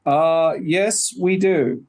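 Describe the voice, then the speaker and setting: Guy w a higher voice coaching chess, keeps asking leading questions. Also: extremely slow, a little mellow. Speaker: chess trainer and co-host. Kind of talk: casual coaching chat.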